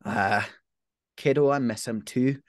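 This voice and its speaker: A man voicing a tough but caring pub landlady from Glasgow in her late thirties, speaking in a gruff manner that softens into tenderness during a tabletop role-playing game. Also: mid-range voice, slow pace, dry recording, clean studio sound, lightly acted. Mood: tender, reassuring.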